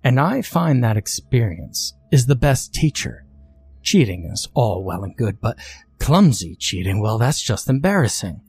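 A man's voice: mid-range voice, sing-song, unhurried, creaky, a little mellow, breathy edge, exaggerated voice. A man voicing a scheming demon mother, sly, cold and condescending.

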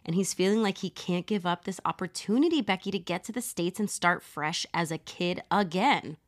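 A woman's voice: fairly low pitch, moderate pace. A woman hosting a podcast, casually telling a true crime story with profanity and laughs. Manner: profane, laughing, conversational narration.

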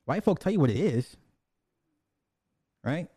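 A man ranting in casual commentary. His voice sits dark and mellow, recorded close and dry with no room sound. He talks bluntly and profanely, repeating himself and restarting lines. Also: on the high side, very animated, measured pace, breathy edge, no echo.

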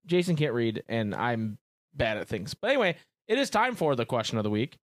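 A man's voice: mid-range voice, big pitch swings, a little fast, dry recording. A man hosting a podcast in loose, jokey banter, swearing freely. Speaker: podcast host.

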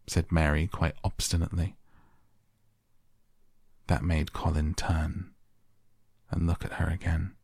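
A man narrating a bedtime story in a slow, hushed and gentle way. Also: low voice, level tone, slightly rough, no room sound. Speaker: audiobook narrator. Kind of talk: soft bedtime story reading.

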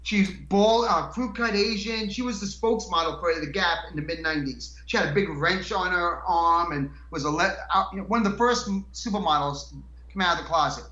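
A man's voice: high voice, fairly quick, bright, forceful tone, reverberant, lo-fi sound. A man telling stories as a guest in a casual chat, rambling and laughing, with frequent restarts.

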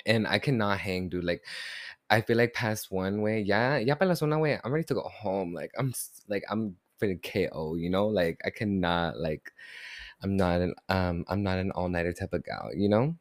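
A man hosting a casual podcast chat, excitable and slangy, cursing freely and hungover. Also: low-pitched, moderate pace, no echo, studio quality. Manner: excitable, slangy, swears a lot, mixes in Spanish. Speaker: podcast host. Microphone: podcast microphone.

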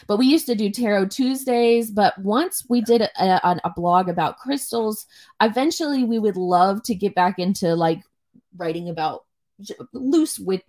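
A young woman co-hosts a podcast and chats loosely during a livestream. Her talk wanders from one thing to the next, full of restarts and casual swearing. Her voice sits at an ordinary middle pitch for a woman. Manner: chatty, rambling, swears freely. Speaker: podcast co-host.

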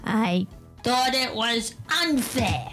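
Slow-talking woman player. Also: on the high side, a bit bright, soft background music. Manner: playful, calls out commands. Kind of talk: casual tabletop play.

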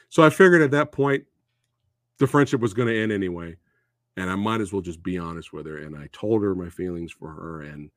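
A man hosting a casual film discussion podcast, getting emotional and halting, laughing between words. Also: on the low side, dry recording, studio quality. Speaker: podcast host.

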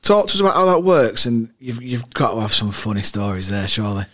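A man's voice: medium pitch, fairly quick, fairly bright tone. A man interviewing a guest in casual chat, asking matey, teasing questions with tag questions.

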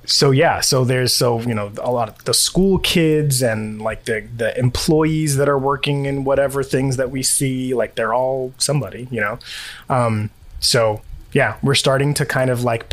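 A man co-hosting a podcast, talking in a chatty, rambling way with many fillers and quick laughs. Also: mid-range voice. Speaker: podcast co-host. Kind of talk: casual chat. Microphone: home recording setup.

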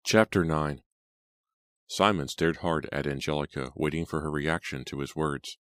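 A man narrating a horror audiobook in a measured storytelling manner. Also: a bass voice, fairly bright tone, no room sound. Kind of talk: scripted narration. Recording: dry close studio sound.

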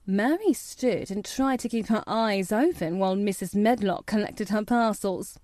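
A woman giving steady, measured scripted narration of a children's classic for an audiobook. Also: mid-range voice, dry recording.

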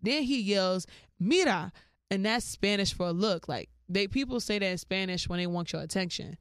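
A woman hosting a podcast, telling a story in a slangy, animated way and jumping into high voices for the people she quotes. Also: normal speed, smooth, dry recording, studio quality. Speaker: podcast host. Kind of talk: casual storytelling monologue.

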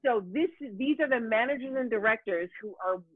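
A woman's voice: a little high, brisk, no echo. A woman in her forties, a voice actor, telling stories in a casual podcast chat and acting out the voices of people she quotes. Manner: animated storyteller, acts out quoted voices. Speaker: voice actor guest. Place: home in Los Angeles. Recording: tinny phone-like line, dry.

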